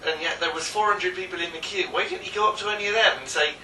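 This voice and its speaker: A man's voice: high voice, fast talker, sharp tone, slight background noise. A man from England, co-hosting a casual chat, telling a story hesitantly with ums and restarts. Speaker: co-host. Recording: roomy echo, mic at a distance.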